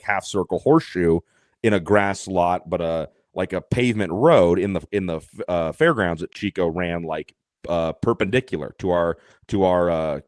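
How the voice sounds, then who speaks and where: Low-voiced man telling a lively story. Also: no echo, studio quality. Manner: lively, self-deprecating, many fillers and restarts. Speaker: podcast guest, race announcer. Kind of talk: animated anecdote-telling.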